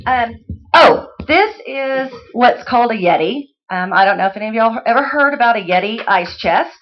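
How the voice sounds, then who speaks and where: A woman speaks in a fairly high voice. She is a student auctioneer and calls bids in a quick chant. The recording sounds muffled and lo-fi. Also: expressive. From Texas. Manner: rapid chant of bids, rising high and loud. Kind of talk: live auction calling. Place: auction hall, live audience. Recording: dull lo-fi sound.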